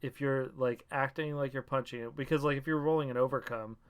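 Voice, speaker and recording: A man's voice: medium pitch, fairly even intonation, a little fast, smooth. A man running a tabletop game as game master, explaining and narrating with frequent hesitations. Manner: hesitant, many ums.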